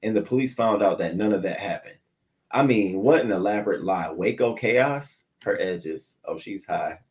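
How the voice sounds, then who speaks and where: A man with a slightly low voice hosts a casual morning news show from his swivel chair at home. He talks loosely and swears freely. He answers viewers' comments as they come in. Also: normal speed, darkish tone.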